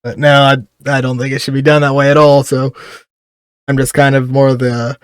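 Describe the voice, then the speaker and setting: A man's voice: mid-range voice, level tone, moderate pace, clear, resonant tone, no room sound. A man, a police officer, telling stories in casual podcast chat and laughing often between lines.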